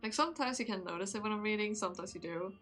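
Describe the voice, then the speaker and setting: A woman's voice: medium pitch, racing, a bit bright, soft background music. A woman streamer chatting casually with her viewers while reading a game aloud, sleepy and yawning, chatty and giggly. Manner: chatty and giggly, talking to chat. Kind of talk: casual chat while reading a visual novel.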